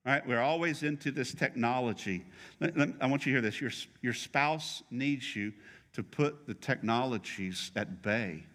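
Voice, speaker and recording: A man's voice: mid-range voice, lively intonation, a little slow, fairly bright tone, in a large hall. A middle-aged male pastor preaching a sermon in a conversational, joking way, teasing his congregation.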